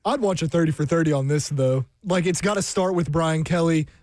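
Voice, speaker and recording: A man's voice: on the high side, a little fast, a little mellow, dry recording, clean studio sound. A man on a sports radio show making wry, joking asides.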